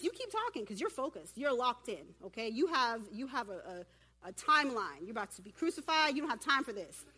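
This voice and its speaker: A woman giving a lively sermon at a church women's event and directing volunteers from the audience. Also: sits high. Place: church hall.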